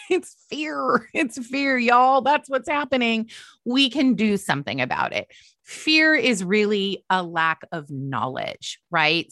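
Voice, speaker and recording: A woman coach and podcast host giving an animated motivational talk, emphatic and repeating her phrases. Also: medium pitch, dry recording, studio quality.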